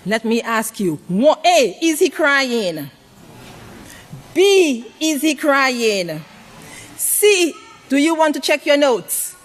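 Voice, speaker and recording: Woman preacher with a high voice, questions the congregation, varied delivery. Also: sing-song, slow pace. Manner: call-and-response questions to the congregation; varies pitch widely for emphasis. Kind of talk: sermon to a congregation.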